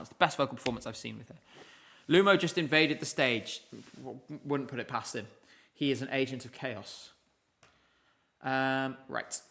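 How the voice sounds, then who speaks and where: Bright-voiced man streaming live. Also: medium pitch. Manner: chatty, rambling, thanks viewers. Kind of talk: casual live-stream commentary. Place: home room at a desk with laptops.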